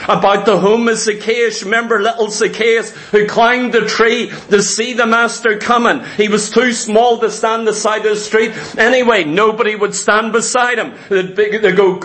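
Very high-voiced fervent male preacher. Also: fairly bright tone. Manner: fervent, repetitive, emphatic. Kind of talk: sermon.

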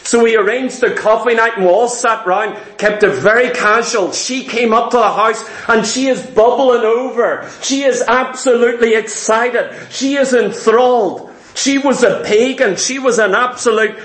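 A man preaching a sermon, telling a story in an animated, repetitive way with dramatic slowdowns. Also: extremely high pitch, reverberant.

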